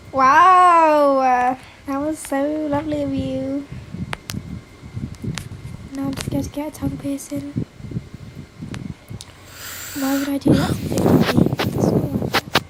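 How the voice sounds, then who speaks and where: A woman's voice: high-pitched, background noise. A teenage girl with an English accent, chatting casually on a phone livestream and reading out viewers' comments, with lots of "like" and "mate". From Britain. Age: teens. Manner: chatty, giggly, says "like" and "mate" a lot. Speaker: livestream host.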